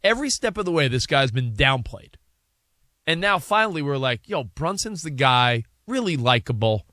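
A man's voice: medium pitch, big pitch swings, normal speed, sharp tone, no room sound, clean studio sound. A man co-hosting a sports talk show, posing long rambling hypotheticals in casual debate.

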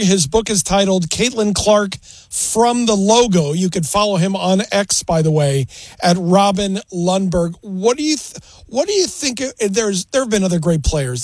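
A high-pitched man hosting an interview, recorded close with a dry, deadened sound. He introduces his guest, asks straightforward questions, and chimes in with short agreement. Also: no echo. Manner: brief affirmations, plain questions. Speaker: radio interview host.

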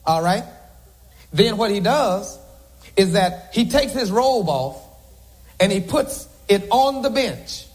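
A man's voice: high voice, lively intonation, slow pace, long pauses. A man preaching a sermon to a congregation from the pulpit, with joking asides to the crowd. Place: church sanctuary.

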